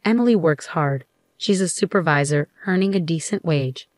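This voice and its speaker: Brief: woman narrator voicing a steady, protective husband in a story, dry close sound. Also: sits low, moderate pace, dry recording, lightly acted. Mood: firm. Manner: calm and firm. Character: firm, supportive young husband.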